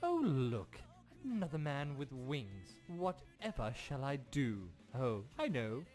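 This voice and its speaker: A man's voice: medium pitch, sing-song, slow, a little mellow, big-room sound, faint music behind. A man voicing a smug, drawling villain creature.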